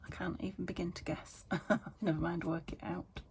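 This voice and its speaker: A woman from the UK, a craft vlogger, chatting casually to camera and thinking aloud as she works, with soft half-whispered asides. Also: lowish voice, little pitch movement, moderate pace, slight background noise. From United Kingdom.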